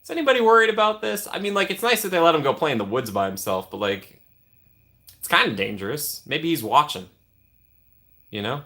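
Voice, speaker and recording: Bright-voiced man chatting on a stream. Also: on the high side, big pitch swings, fairly quick. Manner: chatty, reacting to viewer comments with playful teasing. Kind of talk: casual live-stream chat.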